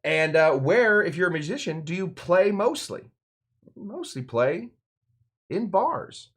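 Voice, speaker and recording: A man's voice: high voice, big pitch swings, measured pace, fairly bright tone. A bartender hosting a cocktail show, talking loosely and rambling with lots of fillers and asides while he mixes drinks. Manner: rambling, loose, full of fillers and side remarks. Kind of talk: casual cocktail-making demonstration.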